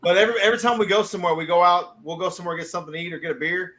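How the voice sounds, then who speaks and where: High-voiced man joking as a guest. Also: fairly even intonation, rapid-fire, sharp tone, slight background noise. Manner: easygoing, tells funny anecdotes. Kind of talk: casual chat.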